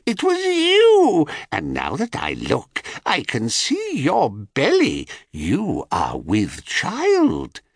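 A man's voice: on the high side, wildly swooping pitch, drawn-out words, hardly any pauses, husky, no echo, studio quality, voice pushed up, full character voice. A man voicing a scheming goddess disguised as an old crone, with a cracked, cackling voice and a wheedling, prying way of talking. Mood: gossiping.

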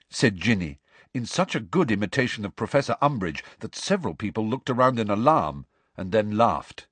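Male narrator, expressive read, husky tone, dry close mic. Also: low voice, moderate pace, no echo. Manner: expressive, voices every character. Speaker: audiobook narrator. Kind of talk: audiobook narration.

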